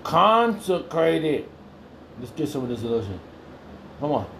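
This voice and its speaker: A man's voice: fast, slight background noise. Rambling man preaching from the Bible. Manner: rambling, swings from loud exclamations to low muttering; repeats phrases, restarts often. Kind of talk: informal Bible reading and preaching. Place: at home.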